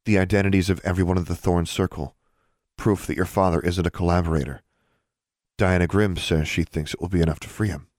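A man's voice: low voice, fairly even intonation, a little fast, darkish tone, dry recording, clean studio sound, natural voice. A man reading an audiobook, voicing a defiant, guarded teenage witch girl in a raised, strained tone. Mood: tense, wounded.

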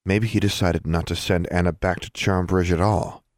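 A man narrating a fantasy novel as an audiobook in a steady, even storytelling manner. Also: deep voice, moderate pace, no echo, studio quality.

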